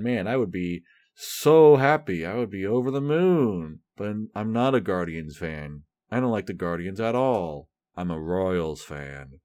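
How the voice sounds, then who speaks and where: A man hosting a casual solo baseball commentary podcast, talking sarcastically with mock excitement. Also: fairly low pitch, no echo, studio quality. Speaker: podcast host and baseball fan.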